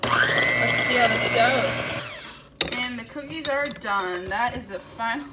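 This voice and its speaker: A woman's voice: a little high, wildly swooping pitch, slow pace, very noisy. A young woman chatting and joking while cooking and eating in a casual vlog. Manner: giggly, joking. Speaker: vlogger.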